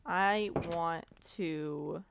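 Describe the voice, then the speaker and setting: A woman talks her way through a game in loose, rambling commentary. Her voice sits on the low side and she takes her time, muttering self-deprecating asides. A faint hiss sits under the recording. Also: extremely slow, gravelly. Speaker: let's play gamer. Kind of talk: casual gameplay commentary.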